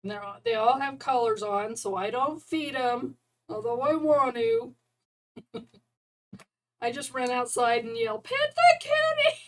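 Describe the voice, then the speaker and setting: A woman's voice: fairly high pitch, measured pace, pauses often, low-quality recording. A woman chatting casually and rambling, often breaking into laughter. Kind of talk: casual chat about neighborhood cats.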